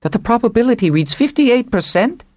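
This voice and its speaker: A man voicing an excitable male astronomer with a light voice in an audiobook. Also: sits high, moderate pace, no room sound, pitched above the performer's own voice. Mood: excited. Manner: excited, eager.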